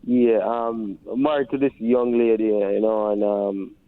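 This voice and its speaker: A man's voice: lowish voice, fairly even intonation, smooth. Man calling in on a phone line. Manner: halting, many fillers. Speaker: caller. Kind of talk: phone call to radio show.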